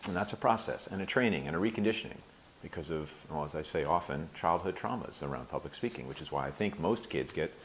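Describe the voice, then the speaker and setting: Man, 60s, very deep voice, reflective, halting, playful asides. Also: animated, slight background noise, poor audio. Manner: thoughtful, halting, with restarts and playful quoted voices. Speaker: interview guest, workshop alumnus. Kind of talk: reflective interview answers.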